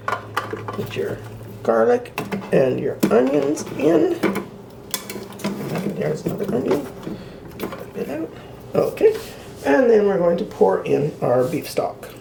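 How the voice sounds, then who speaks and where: Gravelly woman hosting a home cooking show. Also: medium pitch, sing-song, slow pace, long pauses, noisy background. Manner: chatty and self-deprecating, talks while cooking. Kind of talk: casual cooking demonstration. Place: home kitchen.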